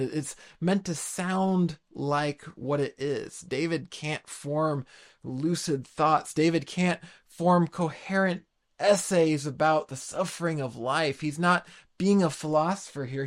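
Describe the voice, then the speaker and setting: A man in his late thirties preaching a sermon, earnest and halting, often restarting his sentences. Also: fairly high pitch, creaky. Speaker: pastor.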